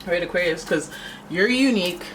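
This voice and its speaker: A woman talks through a tarot reading in a loose, playful way, wandering off into asides as she goes. Her voice sits fairly low, then leaps up high on exclamations. A faint hum of background noise runs under her. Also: a little fast. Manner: chatty and playful, jumps between asides; animated, pitch often jumps up on exclamations. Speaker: tarot reader. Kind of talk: casual tarot reading to camera.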